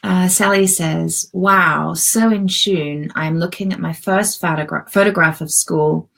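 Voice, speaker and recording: A middle-aged woman coaching a live group video call, guiding a visualization softly and gently, tearful and pausing often. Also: lowish voice, fairly even intonation, creaky, rough recording.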